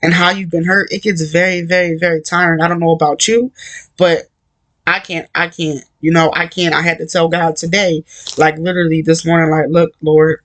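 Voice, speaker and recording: A man's voice: a little high, little pitch movement, a little fast, a bit bright. A man giving an earnest, conversational devotional talk, repeating his points and filling gaps with "like" and "you know.". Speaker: Christian encourager.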